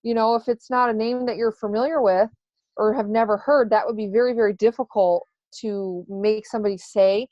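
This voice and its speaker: A woman's voice: medium pitch, steady tone, brisk, a little mellow, dry recording. A woman who works as a psychic medium, answering questions in a casual interview, hesitant and full of fillers. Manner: hesitant, many fillers and restarts. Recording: dry, dull lo-fi sound.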